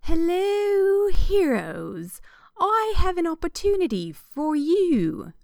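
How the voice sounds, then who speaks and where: A woman voicing a pompous, rich British gentleman in a put-on British accent with slow, theatrical delivery, as a storybook character. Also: extremely high pitch, wildly swooping pitch, gravelly, dry recording, studio quality, voice pushed up, heavily acted. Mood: grandiose.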